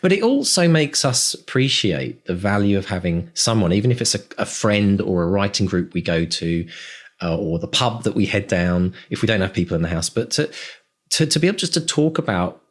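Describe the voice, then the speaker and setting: A man's voice: on the low side, very animated, fairly quick. A man co-hosting a podcast, talking in an effusive, rambling, grateful way. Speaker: podcast co-host. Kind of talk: casual podcast chat.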